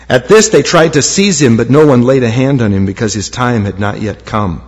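A man's voice: mid-range voice, moderate pace, few pauses, breathy edge. A man preaching a sermon as pastor, reading scripture aloud in a church and lifting key phrases for emphasis. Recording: long hall reverb.

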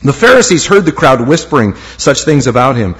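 A man's voice: mid-range voice, very animated, fairly quick, a bit bright, husky. A man preaching a sermon as pastor, reading scripture aloud in a church and lifting key phrases for emphasis. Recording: long hall reverb.

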